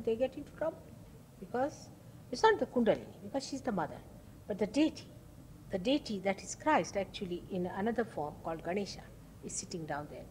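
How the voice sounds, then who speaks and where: A woman's voice: on the low side, a little mellow, slight background noise, low-quality recording. A woman giving a spiritual public talk, telling stories emphatically with sudden rises in her voice. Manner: anecdotal, acts out quoted dialogue. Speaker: spiritual teacher.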